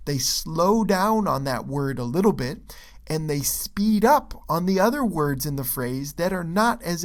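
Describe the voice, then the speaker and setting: A man's voice: on the high side, gravelly. A man teaching English pronunciation in a recorded video lesson, explaining step by step and checking in with "okay" and "right.". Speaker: English test prep teacher.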